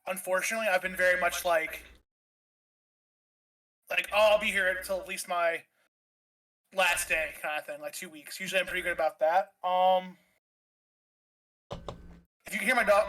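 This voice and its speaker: A man's voice: sits high, sharp tone, poor audio. A man in his thirties, a streamer guest, telling a rambling story full of fillers and swearing. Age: 30s. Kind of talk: casual storytelling.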